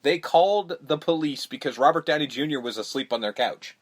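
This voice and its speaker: A man's voice: on the high side, expressive. Man, casual film recap, swears, laughs, mimics characters. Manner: retells scenes with quick put-on character lines, swears, laughs. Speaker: podcast co-host. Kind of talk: casual movie recap chat.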